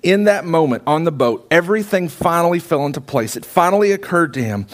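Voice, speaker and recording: A man preaching with a fairly high voice, building his points through vivid repetition. He tells the story emphatically and draws listeners into the scene. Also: expressive, brisk, hardly any pauses. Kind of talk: sermon.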